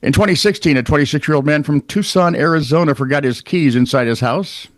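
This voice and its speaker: A man co-hosting a podcast, reading out odd news stories in a wry, animated storytelling way with casual asides. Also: fairly high pitch, fast talker, no echo. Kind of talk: casual comedic news chat.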